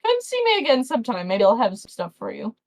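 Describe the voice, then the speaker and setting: A woman's voice: on the high side, huge pitch swings, quick pace, darkish tone. A woman putting on a babbling old farmer man. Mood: grateful. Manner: babbling, doting, rambling. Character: fussy, chatty old male farmer.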